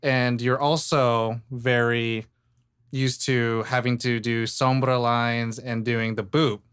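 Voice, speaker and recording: A man's voice: medium pitch, level tone, slow, fairly bright tone, smooth. A man hosting a podcast, asking teasing, joking questions in casual chat. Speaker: podcast host.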